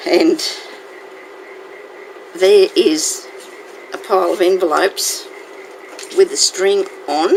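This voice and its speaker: A woman's voice: on the low side, steady tone, slow, vocal fry, long pauses, a little mellow. A woman hosting a casual crafting tutorial, chatting to her viewers and talking to herself as she works. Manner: chatty, talks to herself while working. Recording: noisy home recording.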